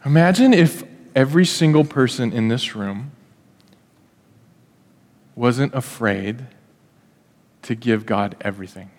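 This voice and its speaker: A man preaching a sermon in a church, telling the story in a conversational, animated way and acting out the quotes. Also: mid-range voice, slow pace, pauses often. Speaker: pastor. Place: church hall. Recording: echoey church hall.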